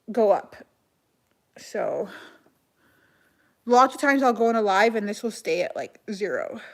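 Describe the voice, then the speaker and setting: A woman from Canada, chatting casually on a live stream and answering viewer comments, with lots of "like" and quick self-corrections. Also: mid-range voice. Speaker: livestreamer reading comments.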